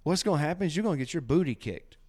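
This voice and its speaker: A man hosting a casual faith podcast, talking in an animated, preachy way and often acting out quotes. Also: a little high, racing. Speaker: podcast host.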